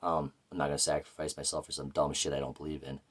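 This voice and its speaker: A man's voice: rumbling low, little pitch movement, quick pace, slightly rough. A man telling a rambling, profane story about his life in a casual, blunt way. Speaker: vlogger.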